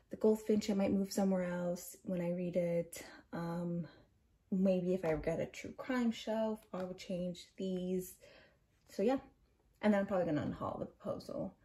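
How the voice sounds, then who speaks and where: A woman's voice: mid-range voice, mellow. A young woman in her twenties chatting casually through a tour of her bookshelves, rambling with plenty of fillers and a little out of breath. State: slightly out of breath. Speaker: book vlogger.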